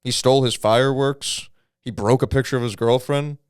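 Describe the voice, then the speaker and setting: A man's voice: medium pitch, fairly even intonation, clear, resonant tone, no echo, clean studio sound. Crude, argumentative podcast co-host man. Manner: rapid, argumentative, crude joking. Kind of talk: casual podcast banter.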